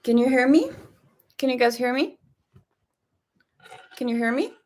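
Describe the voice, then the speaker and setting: A woman hosting a casual live stream, talking in an excitable, gushing way with lots of fillers. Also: a little high, measured pace. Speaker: live stream host reacting to a series. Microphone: webcam setup.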